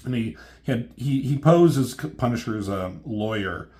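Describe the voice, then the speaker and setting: A man's voice: medium pitch, expressive, normal speed, a little mellow. A man casually recapping a comic book story, rambling and profane, with lots of ums and restarts.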